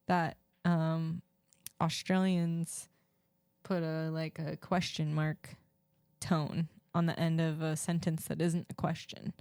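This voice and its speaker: A woman's voice: fairly low pitch, darkish tone, clean tone, no room sound, studio quality. A young adult woman co-hosting a podcast, chatting casually with friends, laughing often and using lots of "like" fillers. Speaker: podcast co-host. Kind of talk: casual chat among friends.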